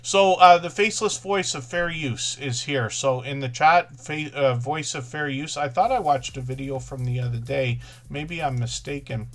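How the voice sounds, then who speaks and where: A man's voice: medium pitch, moderate pace, fairly bright tone. Chatty man hosting a casual livestream. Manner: rambling, self-correcting, chatty with frequent fillers. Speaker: livestream host promoting small channels.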